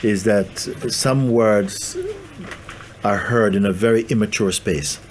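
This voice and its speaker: A man giving a spiritual talk to a gathering, gentle and playful, laughing often. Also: on the low side, slow pace, a little hiss or hum. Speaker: spiritual teacher.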